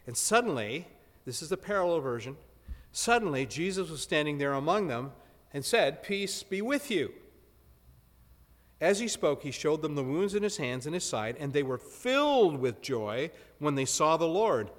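A man preaching a sermon in a relaxed, conversational way, with joking asides. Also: on the high side, normal speed. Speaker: pastor. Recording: long hall reverb.

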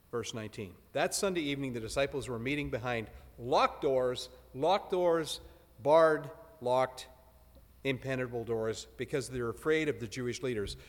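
Chatty preacher man in a reverberant hall. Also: mid-range voice. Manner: conversational, with joking asides. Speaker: pastor. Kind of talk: sermon.

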